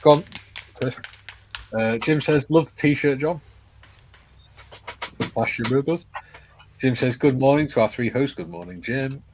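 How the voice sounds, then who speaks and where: A man's voice: medium pitch, measured pace, long pauses, a little mellow, a little hiss or hum, rough recording. A man co-hosting a casual live stream, cheerfully reading out viewer comments. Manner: cheerful, reads comments aloud.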